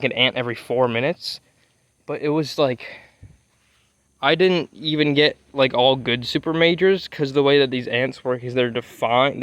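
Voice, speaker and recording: A young man rambles through a long story, swearing freely and trailing off when he loses his thread. His voice sits at an everyday middle pitch and sounds dry and close, with almost no room around it. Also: no room sound. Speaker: vlogger.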